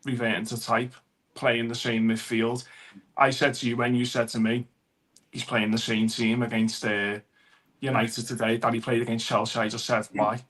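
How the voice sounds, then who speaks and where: A man's voice: medium pitch, little pitch movement, normal speed, fairly bright tone. A man joining a football fan show, blunt and critical. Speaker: guest panelist. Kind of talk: casual football chat.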